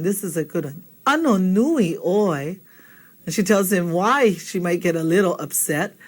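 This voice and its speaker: Slow, patient woman teacher. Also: mid-range voice. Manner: warm-toned coaching, repeats phrases slowly for learners. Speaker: language teacher. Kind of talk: slow, patient spoken lesson.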